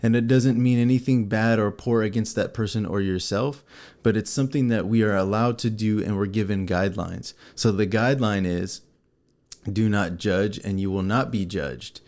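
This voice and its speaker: A middle-aged man co-hosting a faith-based conversation, explaining scripture in a relaxed, chatty way and laughing often. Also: fairly low pitch, moderate pace. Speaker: co-host. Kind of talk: faith-based casual chat.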